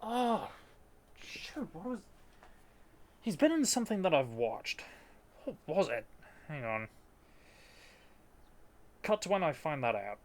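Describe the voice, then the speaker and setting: A woman's voice: low voice, big pitch swings, takes it slowly, long pauses, a little mellow. A woman reacting to a video, thinking aloud in casual chat.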